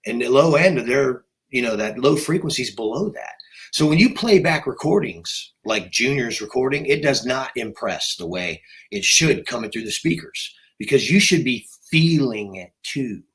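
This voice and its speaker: A man with an ordinary mid-range voice talks through his ideas in relaxed conversation. He leans on fillers such as "like" and "you know" as he explains. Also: medium pitch, moderate pace, low-quality recording. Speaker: co-researcher guest. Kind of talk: casual explanatory chat.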